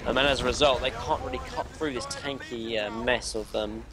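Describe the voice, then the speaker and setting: A hoarse young man giving color commentary on a live esports match, rambling through his analysis with lots of fillers. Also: medium pitch, steady tone, moderate pace, crowd noise.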